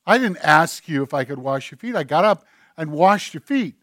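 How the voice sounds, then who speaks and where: A man preaching a sermon, dropping to a hush and then rising to emphatic points, voicing God's words to his listeners. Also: on the high side, lively intonation, normal speed, dry recording. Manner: swings between hushed and emphatic, acts out God's voice. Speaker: pastor.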